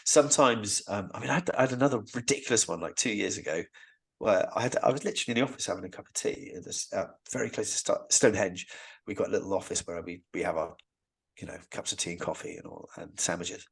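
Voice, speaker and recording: A man with a low, gravelly, slightly rough voice talks fast as a podcast guest who works as a Stonehenge guide. In this casual storytelling interview he rambles enthusiastically, often restarting his sentences.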